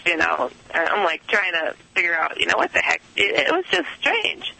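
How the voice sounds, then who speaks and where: A woman's voice: mid-range voice, animated, normal speed, creaky, sharp tone, low-quality recording. A woman guest telling a story in a casual interview, rambling with many fillers and quoted asides.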